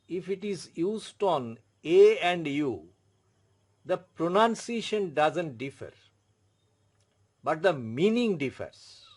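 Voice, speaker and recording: A man teaching a language lesson, explaining slowly and repeating each point for emphasis. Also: fairly high pitch, a little mellow, breathy edge. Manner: slow, repetitive explaining, stressing each point. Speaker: French tutor.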